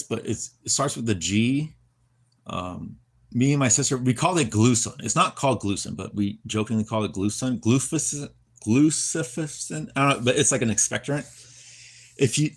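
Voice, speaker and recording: Rambling, profane man telling a story. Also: medium pitch. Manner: rambling, profane, many restarts and asides. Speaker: streamer. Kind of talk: casual storytelling to a live chat.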